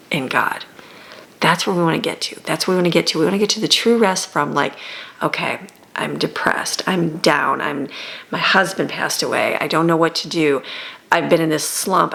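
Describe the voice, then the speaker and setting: A woman's voice: on the low side, vocal fry, fairly bright tone. A middle-aged woman giving a casual Christian devotional talk, conversational and repetitive, often laughing. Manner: conversational, repeats phrases, frequent laughs. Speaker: Christian homeschool and faith teacher.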